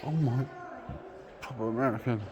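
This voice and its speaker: A man giving a casual, excitable walking tour of a car museum, gushing and swearing over the cars he loves. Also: mid-range voice, moderate pace, dull audio, noisy background. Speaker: car vlogger. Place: indoor car museum, busy hall.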